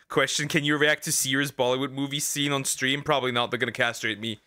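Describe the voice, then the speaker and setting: A man's voice: medium pitch, little pitch movement, fairly quick, few pauses, sharp tone. A male streamer reacting casually to a video, blunt and profane.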